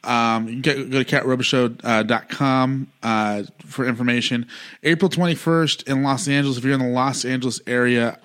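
A man's voice: medium pitch, fairly even intonation, moderate pace, a bit bright. A man hosting a podcast, talking casually in a rambling, chummy way with many fillers. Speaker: podcast host. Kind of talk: casual interview chat.

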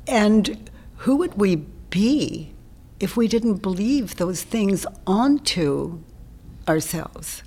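A woman guest in an interview, explaining her ideas in a gentle, reflective way that often drops into a soft whisper. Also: medium pitch, animated, extremely slow, husky. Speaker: interview guest, self-inquiry teacher.

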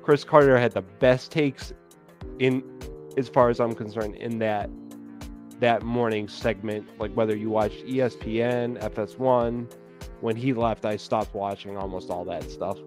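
A man's voice: on the low side, steady tone, a little slow, faint music behind. A man co-hosting a casual sports podcast, laid-back and hesitant, with lots of fillers. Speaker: podcast co-host.

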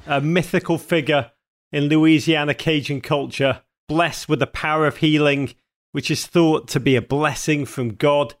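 A man hosting a podcast interview, enthusiastic and quick to laugh. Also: on the high side, fairly even intonation. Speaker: podcast host. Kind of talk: casual interview chat.

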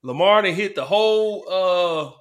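Speaking in an unhurried way with a high voice, this ex-football player swaps casual sports stories. He brings them to life by imitating the fans who sat around him in the stands.

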